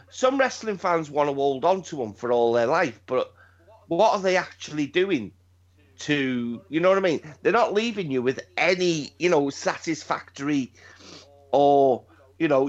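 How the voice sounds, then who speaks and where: A man hosting a casual wrestling chat, rambling, swearing often and repeating his words. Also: fairly high pitch. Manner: rambling, profane, repeats himself. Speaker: podcast host. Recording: dull lo-fi recording.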